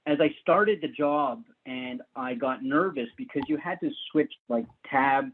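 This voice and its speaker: A man's voice: medium pitch, unhurried, a little hiss or hum. A man guest telling stories about his early career in a casual, rambling way, laughing often and restarting sentences. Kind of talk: casual storytelling. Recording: tinny phone-like line.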